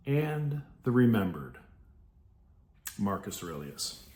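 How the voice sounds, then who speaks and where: A man from New York hosts a reflective podcast in a blunt, salty way, laughing often and reading passages aloud between his own remarks. His pitch swings widely as he talks. The room around him rings with echo. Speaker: podcast host. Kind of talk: reflective casual monologue with read passages. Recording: roomy echo.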